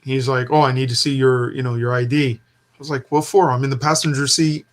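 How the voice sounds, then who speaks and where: Man, casual chat, animated storyteller, quotes people in his story. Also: medium pitch, a little fast, a little hiss or hum.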